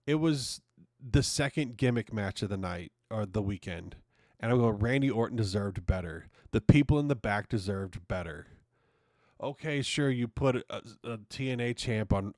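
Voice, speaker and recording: A man hosts his own podcast, delivering a casual opinion rant full of exasperated swearing. His voice is fairly low and darkish, captured in a dry, clean studio recording.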